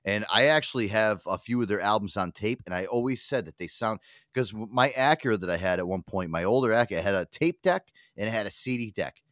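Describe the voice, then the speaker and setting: A man's voice: lowish voice, fast, dry recording, studio quality. A man in his thirties, a podcast host, telling stories in casual chat with lots of swearing. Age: 30s. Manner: profane, animated storytelling.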